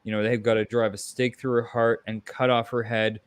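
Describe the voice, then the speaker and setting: Smooth-voiced man rambling about a movie. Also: mid-range voice, level tone, brisk. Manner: rambling, frequent fillers and restarts. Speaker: podcast host. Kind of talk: casual movie discussion.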